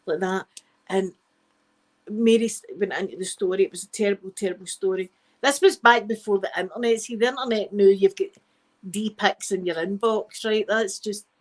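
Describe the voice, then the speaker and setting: A woman's voice: mid-range voice, low-quality recording. A middle-aged Scottish woman, the channel host, telling a rambling, frank story in a casual live stream and swearing freely.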